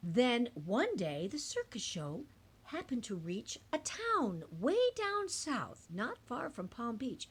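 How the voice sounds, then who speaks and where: A woman reading a rhyming picture book aloud in an expressive, singsong way. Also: on the high side, slow, husky. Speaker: storybook reader.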